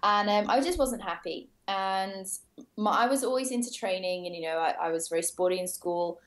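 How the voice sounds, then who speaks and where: A woman's voice: medium pitch, normal speed, roomy sound. A woman in her thirties from the UK, with a British accent tinged with Australian, talking about her fitness work as an interview guest in an enthusiastic way. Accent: British with some Australian. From United Kingdom. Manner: enthusiastic, frequent fillers. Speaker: guest, personal trainer. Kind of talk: casual interview.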